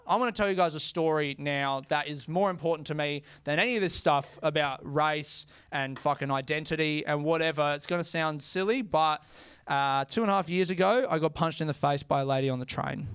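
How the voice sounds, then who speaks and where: A young Australian man doing a stand-up comedy set, telling a story conversationally with animated impressions and casual swearing. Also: a little high, clear, resonant tone, no room sound. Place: comedy club stage with audience.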